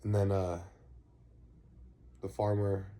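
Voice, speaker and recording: Brief: young man, low mellow voice, slangy rambling storyteller. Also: flat delivery, takes it slowly. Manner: slangy, rambling, swears freely. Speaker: vlogger. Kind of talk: casual storytelling.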